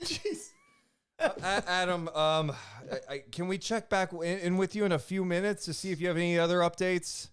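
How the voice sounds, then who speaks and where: A man's voice: high voice, normal speed, a bit bright, clean tone. A man co-hosting a casual sports live stream, playful and often laughing, sliding into mock announcements. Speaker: podcast co-host.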